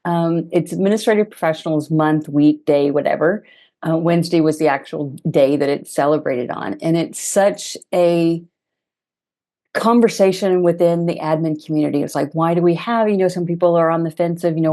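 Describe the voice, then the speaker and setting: Low, mellow-voiced chatty woman. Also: moderate pace. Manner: chatty, lots of fillers and restarts. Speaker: participant, administrative professional. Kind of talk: casual group discussion.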